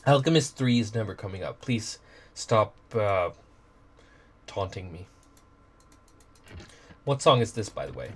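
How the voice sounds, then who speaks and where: A man's voice: lowish voice, slight background noise. Loose, profane man chatting on stream. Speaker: music producer streaming from his studio. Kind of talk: casual live stream chat.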